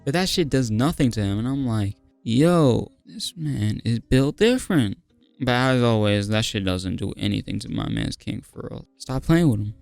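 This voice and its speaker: A man's voice: fairly low pitch, brisk, creaky, hardly any pauses, no room sound, soft background music. A young man recapping a manga chapter in casual, slang-heavy talk, hyped and laughing often, saying "bro" constantly. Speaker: manga review host.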